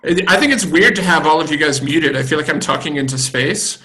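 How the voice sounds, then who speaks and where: A man, a brewery co-owner, chatting on a video call in a relaxed, thoughtful way with many pauses and fillers. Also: fairly high pitch, soft background music, rough recording. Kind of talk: casual video call chat.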